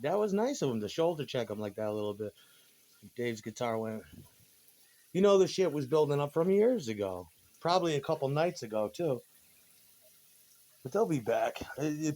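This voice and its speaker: A man's voice: mid-range voice, a little mellow. A man in his forties rambling casually in a monologue, laid-back and meandering, with frequent swearing. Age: 40s.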